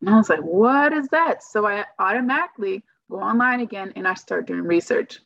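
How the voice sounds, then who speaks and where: Woman guest, rambling storyteller, filler-heavy, middle pitch, dull and dry recording. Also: a little fast, creaky, a bit bright, dry recording. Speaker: guest telling her story. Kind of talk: casual personal storytelling.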